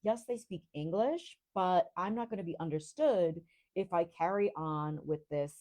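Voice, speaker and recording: Woman podcast host, low voice, slow and clearly articulated, faint Rhode Island traces, reflective teaching tone. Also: darkish tone. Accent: neutral American, Rhode Island traces on a few words. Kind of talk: teaching monologue.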